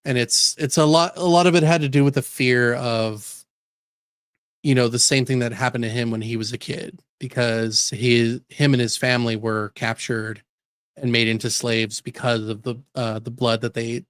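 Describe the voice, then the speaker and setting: A man co-hosting a podcast, recounting stories in animated casual chat. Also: mid-range voice, normal speed, no room sound, clean studio sound. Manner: animated storyteller, laughs while talking. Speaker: podcast co-host.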